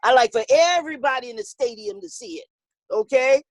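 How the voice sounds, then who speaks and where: A woman boxing coach telling a story in an interview, animated, acting out the voices of the people in it and laughing often. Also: sits high, brisk, creaky, dry recording.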